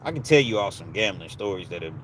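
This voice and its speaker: A low-voiced man hosts a live stream, telling stories and chatting casually with viewers in a laid-back style full of street slang. He talks briskly and expressively over a noisy background.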